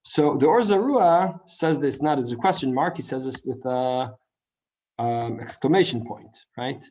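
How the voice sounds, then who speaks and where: A man teaching a Talmud class in a lively lecture style, full of rhetorical questions and quick asides. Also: medium pitch. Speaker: Torah teacher.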